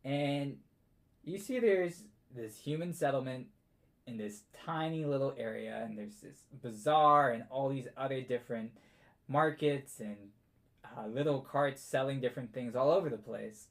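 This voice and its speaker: A man running a tabletop game as game master, telling the story in a relaxed way and chuckling often. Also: mid-range voice, moderate pace.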